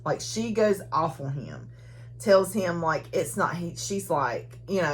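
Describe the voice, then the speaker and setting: A woman's voice: lowish voice, lively intonation, measured pace, soft background music. Giggly woman recapping a book. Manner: chatty, giggly, frequent laughter. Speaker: book reviewer.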